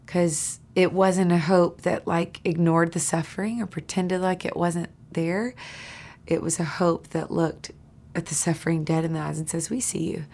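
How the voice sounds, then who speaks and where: Woman guest, lowish and gravelly, earnest and confiding, slips into whispers. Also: level tone, normal speed, slight background noise. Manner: earnest, drops to a soft whisper for emphasis. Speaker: podcast guest. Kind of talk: heartfelt conversational sharing.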